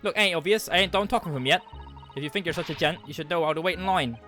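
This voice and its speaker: A man voicing a scrappy, defiant young street girl, cheeky and loud. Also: a little high, racing, faint music behind, pitched above the performer's own voice. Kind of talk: reading game dialogue aloud.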